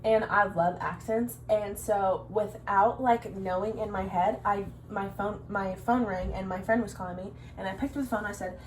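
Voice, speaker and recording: A young woman, a youth ministry leader, chatting casually while cooking and telling an animated story. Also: medium pitch, normal speed, few pauses, slight background noise, poor audio.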